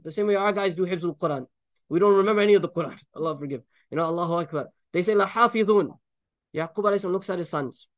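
A man preaching a sermon, explaining Quran verses with Arabic recitation, animated and joking as he acts out the people in the story. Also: high-pitched. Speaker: Islamic preacher.

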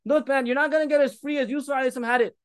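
Young guy preaching a sermon, really high voice, fired up, arabic phrases all through, dry close sound. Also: steady tone, very fast, dry recording. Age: 30s. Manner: impassioned, mixing in Arabic phrases and urging the listeners.

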